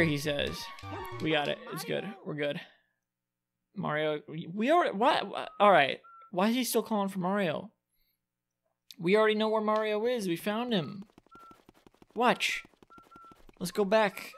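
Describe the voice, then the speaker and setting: A man hosting a let's play, commenting on the gameplay, yelling and cursing at the game, then muttering quietly. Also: sits high, moderate pace, long pauses, soft background music.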